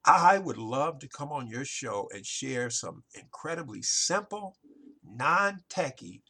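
Male podcast host, salesy and gravelly, slightly husky. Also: mid-range voice, very animated, slow pace. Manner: salesy, repeats "ladies and gentlemen". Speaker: podcast host, marketing consultant. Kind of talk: solo podcast monologue.

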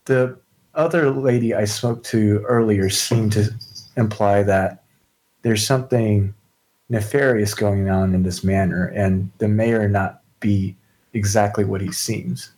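A man's voice: fairly low pitch, steady tone, measured pace, darkish tone, natural voice, poor audio. A man voicing a polite, cautious young woman adventurer who speaks thoughtfully. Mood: careful.

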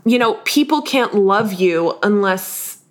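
A woman from the northern United States co-hosting a podcast, talking candidly in a confessional, halting way with frequent restarts. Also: mid-range voice, expressive. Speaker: podcast co-host. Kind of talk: candid casual chat.

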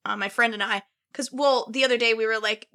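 A young woman chats on a podcast, giggly and animated. Her voice is bright and a touch high. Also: a little fast. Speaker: podcast guest. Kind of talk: casual chat.

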